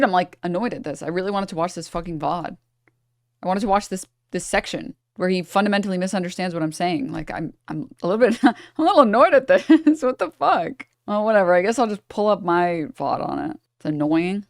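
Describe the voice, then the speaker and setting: A woman's voice: on the low side, no room sound, clean studio sound. A woman streaming, talking to her chat in a sarcastic, exasperated reaction commentary.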